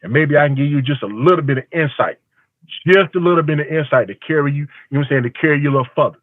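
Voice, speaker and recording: Casting: man with a fairly high voice, emphatic storyteller, tinny phone line. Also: very fast, dry recording. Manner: storytelling with quoted dialogue, emphatic. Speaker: barber. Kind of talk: call-in testimony. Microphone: phone call.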